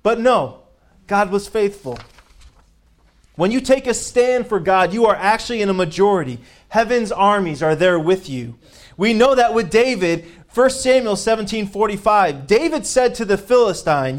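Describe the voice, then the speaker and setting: A man's voice: sits high, animated, normal speed. A man preaching a sermon and reading scripture aloud, emphatic, rising on key phrases and repeating words as he builds a point.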